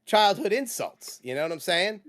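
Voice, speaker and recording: A heated, high-voiced man ranting. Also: big pitch swings, normal speed, fairly bright tone. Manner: angry, defensive, swears often. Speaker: panelist on a livestream show. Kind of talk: heated casual debate.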